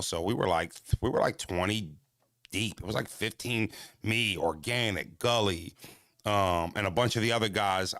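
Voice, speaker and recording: A man's voice: deep voice, fairly bright tone, clean tone, no room sound, clean studio sound. An American man from Pennsylvania telling a story in casual chat, swearing often and laughing as he acts out the voices of others.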